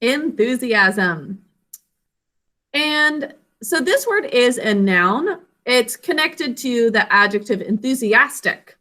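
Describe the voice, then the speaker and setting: A woman teaching an online reading lesson over a video call, sounding out words slowly and clearly syllable by syllable. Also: on the high side, expressive, pushed and bright.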